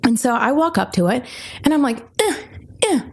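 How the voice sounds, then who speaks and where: Woman with a bit of vocal fry, lively story on a podcast, does the voices. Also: high-pitched, moderate pace. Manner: lively storyteller, acts out quotes. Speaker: podcast co-host. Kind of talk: casual storytelling chat.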